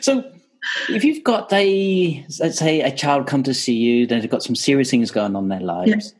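Husky-voiced male podcast host. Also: mid-range voice, lively intonation, moderate pace. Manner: friendly, laughs easily, affirming. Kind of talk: podcast interview.

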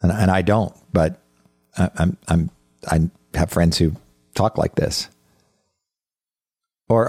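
Speaking in a very deep, slightly mellow voice with a breathy edge, a man offers a conversational Bible teaching on his podcast. His delivery is earnest and halting, with repeated words as he restarts sentences, in a dry recording with no echo.

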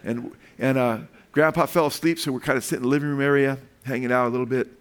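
An older male pastor delivers a sermon at an everyday middle pitch. He slips into homely family anecdotes, chuckling as he goes. He keeps pausing to ask the congregation for an amen. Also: fairly even intonation, clean tone. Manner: chuckles often while telling stories; calls out for amens from the congregation.

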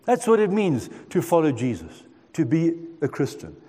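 A man's voice: a little high, huge pitch swings, normal speed, warm tone, husky, in a large hall. A man in his sixties telling his own story in a sermon, in an earnest tone that speaks straight to the listeners. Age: 60s. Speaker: preacher. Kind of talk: sermon testimony.

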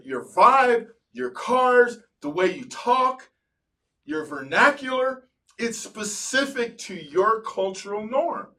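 A psychologist from Colorado in the United States, whose voice sits high, hosts a casual conversational interview for his podcast. He tells animated stories and imitates the voices of people he quotes. He sounds distant from the mic.

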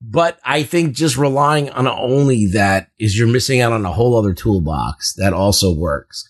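A man co-hosting a casual podcast chat, blunt and quick to swear. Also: medium pitch, expressive, breathy edge. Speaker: podcast co-host.

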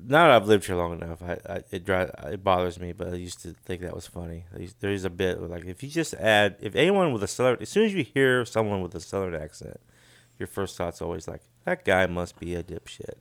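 A middle-aged man with a low, gravelly voice chats loosely as a podcast co-host. He chuckles often and lets sentences fade into mumbles, his pitch bouncing up and down, all on a dry, close mic. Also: expressive, a little fast, a bit bright, dry recording. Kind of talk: casual chat.

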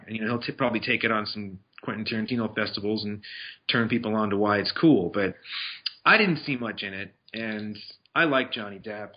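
On a dull, lo-fi recording, a man speaks at medium pitch and a fairly quick pace in a casual movie review chat. As a film reviewer, he rambles about films he's watched, with restarts and fillers.

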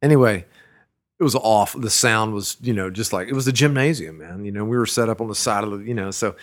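A middle-aged man, a musician, spins anecdotes in an easy, unpolished way. His sentences wander and restart, and he is quick to laugh at himself. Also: lowish voice. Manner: rambling, many fillers and restarts, laughs at his own stories. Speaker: musician recalling his career. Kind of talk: casual storytelling interview.

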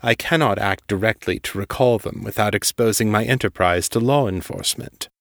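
A man voicing a cultured male crime boss on the phone, calm and carefully controlled. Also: on the low side, a little fast, vocal fry, no echo, studio quality. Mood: coolly controlled.

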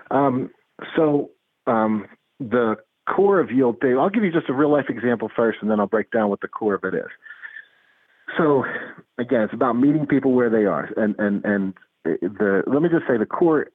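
A man's voice: mid-range voice, expressive, normal speed, dry recording. Man, interview guest, earnest, repeats himself mid-thought, dry sound, tinny line. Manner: earnest, repeats words while building a point. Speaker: psychologist guest. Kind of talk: interview, explaining with stories.

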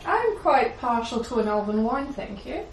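A woman's voice: fairly high pitch, big pitch swings, normal speed, reverberant, recorded from a distance, a little hiss or hum, low-quality recording. A woman playing a tabletop game who speaks in a matter-of-fact way. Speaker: player. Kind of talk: casual tabletop play.

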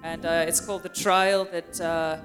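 A woman playing a tabletop game, excitable and quick to react to the others. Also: fairly low pitch, soft background music. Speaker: player.

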